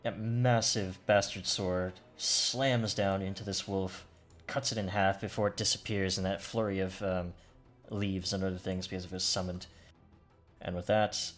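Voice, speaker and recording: A man's voice: deep voice, level tone, unhurried, soft background music. A man acting as game master, narrating combat and rulings in a loose way that searches for words. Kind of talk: running a tabletop game, describing rules and combat.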